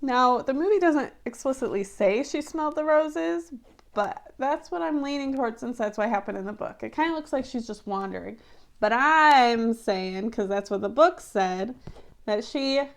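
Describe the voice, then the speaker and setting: A woman vlogger giving casual, animated commentary on a film adaptation, chatty and often exasperated, with lots of fillers. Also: fairly high pitch. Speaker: book-to-movie review vlogger.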